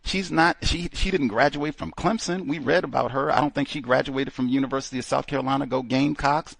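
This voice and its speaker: A man hosting a talk show, interrupting his guest and pressing his questions with slow, emphatic delivery. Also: medium pitch, creaky, fairly bright tone, dry recording, studio quality. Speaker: radio show host.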